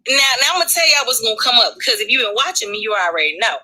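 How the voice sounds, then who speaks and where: Woman, live-stream host, fairly high voice, very sharp and tense, blunt, profane, emphatic rant. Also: big pitch swings, very fast, breathy edge, rough recording.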